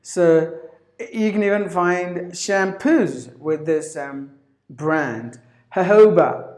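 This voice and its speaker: A man teaching English pronunciation, repeating each word several times in a drawn-out way. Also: a little high. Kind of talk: pronunciation lesson. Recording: roomy echo.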